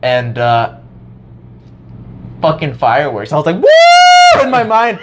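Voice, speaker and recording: A young man telling a high school story in casual chat, animated, swearing often and acting out his past self. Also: measured pace, slight background noise.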